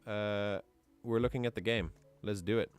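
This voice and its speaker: A man's voice: on the low side, moderate pace, clear, resonant tone, soft background music. Easygoing man musing aloud on stream. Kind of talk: casual livestream chat.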